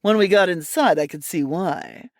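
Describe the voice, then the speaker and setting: A woman narrating a hardboiled comic mystery story in a wry, deadpan, theatrical way. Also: on the low side, normal speed, soft background music.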